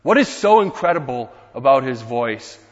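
A man's voice: medium pitch, very animated, normal speed. A young male pastor delivering a sermon, earnest and building to emphatic rhetorical questions. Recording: muffled, echoey church hall.

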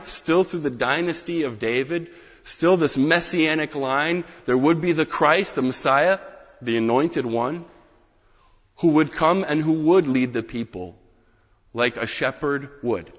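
A man preaching a sermon, emphatic, rising on key phrases and dropping to quiet asides. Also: fairly high pitch, expressive, slow pace. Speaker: pastor. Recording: dull reverberant hall sound.

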